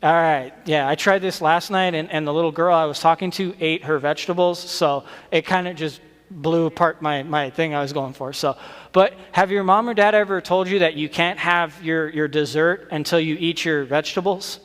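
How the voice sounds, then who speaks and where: A man giving a children's sermon, friendly and full of questions for the kids, often restarting his sentences. His voice sits a little high, and the church's long reverb rings around him. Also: fairly even intonation, normal speed, a bit bright. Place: church sanctuary.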